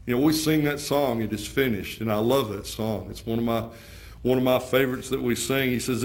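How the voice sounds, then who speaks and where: A man preaching a sermon, moving from hushed, quiet passages to fervent emphasis and pressing his listeners with repeated rhetorical questions. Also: medium pitch, fairly quick. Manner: impassioned, rising from hushed to fervent.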